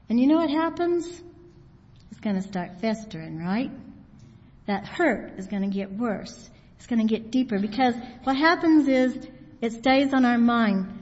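A woman giving an informal sermon, reading scripture slowly and then talking it through plainly. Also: on the high side, darkish tone. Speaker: Bible teacher. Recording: dull sound in a hall with long reverb.

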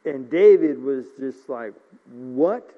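A man's voice: sits high, measured pace. A man preaching a sermon, retelling a story and then reading scripture aloud with rising force. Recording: muffled recording with long reverb.

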